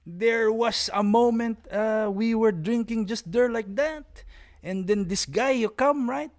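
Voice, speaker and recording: A man's voice: very high voice, slow, voice pushed up, exaggerated voice. A man voicing a boastful older male martial arts elder who brags about street fights in a swaggering, dismissive way.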